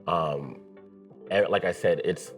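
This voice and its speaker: A man's voice: deep voice, takes it slowly, soft background music. A man, a singer being interviewed, talking openly and emphatically with a preacher-like cadence. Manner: open and heartfelt. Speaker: singer and songwriter guest. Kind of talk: candid interview conversation.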